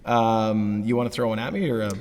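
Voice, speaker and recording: A man's voice: on the low side, fairly even intonation, a little fast, darkish tone. A male podcast co-host chatting casually about business, loose and motivational, with lots of "like" and "you know". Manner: loose, filler-heavy, motivational. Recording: long reverb, faint ambient noise.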